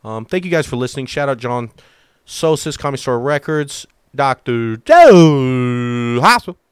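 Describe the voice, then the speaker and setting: A man's voice: medium pitch, brisk, clear, resonant tone, dry recording, studio quality. A man in his thirties, a stand-up comedian hosting a podcast, telling rambling, self-deprecating stories in a loose, casual way. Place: home.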